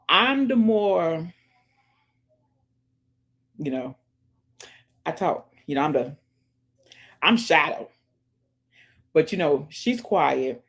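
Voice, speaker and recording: This vlogger has a low-pitched, gravelly, husky voice. She chats casually while listening to music in her earphones, giving emphatic shout-outs and repeatedly calling her viewers "y'all." At times she gets preachy, urging them to pray and support others.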